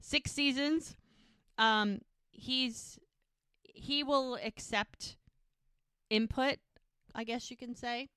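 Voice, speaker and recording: Smooth-voiced woman recapping a show. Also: fairly high pitch, fairly even intonation, drawn-out words, long pauses, fairly bright tone, no echo, studio quality. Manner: retells scenes by acting out characters' lines, laughs often. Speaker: podcast co-host. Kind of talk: casual recap of a TV episode.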